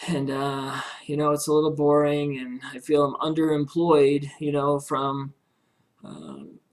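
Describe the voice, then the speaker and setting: Speaking straight to camera in a personal video diary, a man talks about his home-based marketing business. He's earnest, heartfelt and religious, rambling often with lots of "you know" fillers, in a fairly high, unhurried voice.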